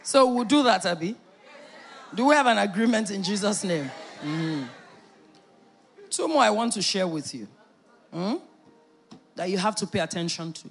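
A middle-aged woman pastor preaching a sermon, emphatic and animated, with playful asides. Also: medium pitch, moderate pace, vocal fry, pauses often, faint music behind.

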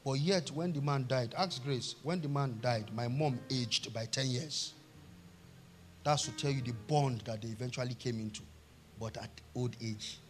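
A middle-aged Nigerian man preaching a sermon, telling a family story and swinging from hushed tones to shouts. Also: medium pitch, normal speed, faint music behind. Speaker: pastor.

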